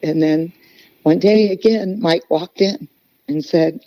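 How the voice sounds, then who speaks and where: A woman's voice: medium pitch, slow pace, mellow, no room sound. Earnest woman telling a personal story. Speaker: podcast guest. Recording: dull, lo-fi podcast audio.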